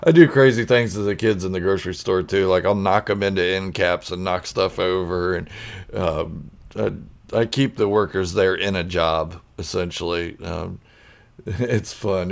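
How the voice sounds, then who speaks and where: Low gravelly goofy man chatting live. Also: steady tone, moderate pace. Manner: goofy, laughing often, reads viewer comments aloud. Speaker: channel host chatting with live viewers. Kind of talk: casual live chat.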